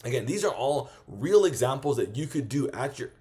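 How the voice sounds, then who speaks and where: A man coaching small vendors in a loose, profane style, acting out quick sales pitches as he goes. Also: big pitch swings, dark tone. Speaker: business coach. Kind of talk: casual instructional monologue.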